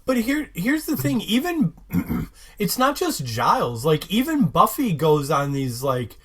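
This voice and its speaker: Slow, wry man co-hosting a podcast. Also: high voice, sing-song, fairly bright tone. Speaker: podcast co-host. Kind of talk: casual recap chat.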